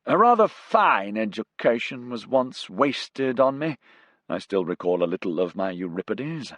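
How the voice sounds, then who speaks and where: A man voicing a polished, self-assured English gentleman who speaks with easy refinement. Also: on the low side, very animated, a little slow, no echo, voice pushed up. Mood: urbane.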